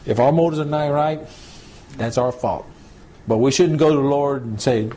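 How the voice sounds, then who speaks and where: A male pastor giving a conversational Bible teaching, checking in with listeners and slowing down to read scripture aloud. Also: mid-range voice, dark tone, slight background noise. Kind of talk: home church Bible teaching.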